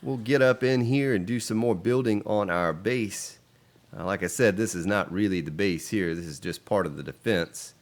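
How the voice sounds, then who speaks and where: A man with a lowish voice, speaking at a normal speed, casually comments on his game during a live stream. He's relaxed and chatty with viewers, reading out their chat messages and responding as he plays.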